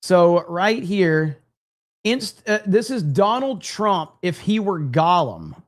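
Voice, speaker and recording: Male streamer, casual and profane, slightly high voice, reads chat. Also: very animated, slow pace. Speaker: livestream host. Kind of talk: casual live-stream chat reacting to clips.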